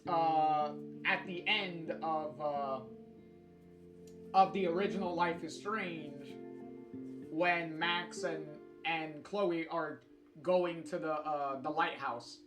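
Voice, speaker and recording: A game streamer talking through a let's play at a slow, rambling pace, with many fillers and restarts. The voice sits in an echoey room. Clear guitar music plays behind. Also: mid-range voice, fairly even intonation. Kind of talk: let's play commentary, reading game text aloud. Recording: roomy sound with guitar music.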